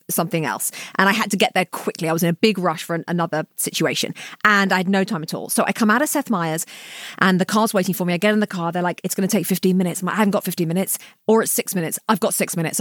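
A woman co-hosting a podcast, telling lively stories in casual chat and laughing often. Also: medium pitch, dry recording, studio quality. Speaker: podcast co-host.

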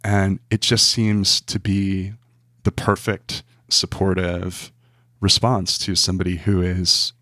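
A male journalist talks through an interview in a very deep voice. He thinks aloud and restarts phrases as he searches for words. The sound is dry and close. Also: fairly bright tone, dry recording. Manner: thoughtful, repeats words while searching for them. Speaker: journalist guest. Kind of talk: interview conversation.

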